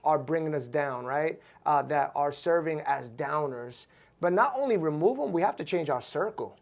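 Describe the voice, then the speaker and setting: Lively New man talking motivation. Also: on the high side, moderate pace, gravelly. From Brooklyn, New York. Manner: animated, street-casual phrasing, rhetorical questions. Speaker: podcast host. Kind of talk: casual motivational chat.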